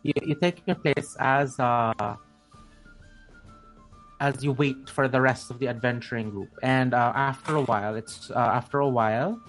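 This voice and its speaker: A man running a tabletop game as game master, narrating in a halting way with many restarts and fillers. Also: medium pitch, fairly even intonation, soft background music.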